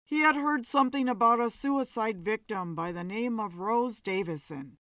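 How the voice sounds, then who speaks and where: A woman reading a story aloud voices Kerr, a grave, uneasy older man who breaks bad news reluctantly, dropping her voice somewhat lower. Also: normal speed, fairly bright tone, no room sound, natural voice.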